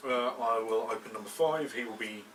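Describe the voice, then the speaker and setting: A man's voice: lowish voice, fairly quick. A man playing a tabletop game, planning the group's moves with hesitant fillers. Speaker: player. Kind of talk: casual tabletop play. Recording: distant, noisy table recording.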